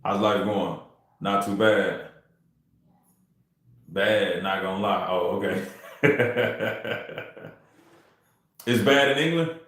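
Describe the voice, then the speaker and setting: Speaking at a fairly low pitch with drawn-out words and frequent pauses, this Texas man has a slightly bright tone. He's a real estate wholesaler streaming cold calls from a very echoey home room, casually chatting with viewers in slang.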